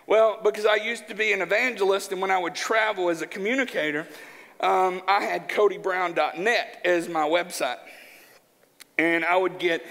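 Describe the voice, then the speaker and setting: A man from Arkansas preaching a sermon in a church, joking in a folksy, animated way. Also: sits high, normal speed. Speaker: pastor. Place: church sanctuary. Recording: church hall with long reverb.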